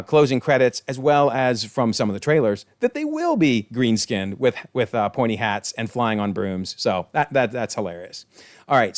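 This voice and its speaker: Speaking at a typical middle pitch, a man reviews a TV episode online in a relaxed, talkative commentary. He's amused, readily calling moments hilarious, and slips into different voices to act out quoted lines. The recording is close and dry, without any room echo.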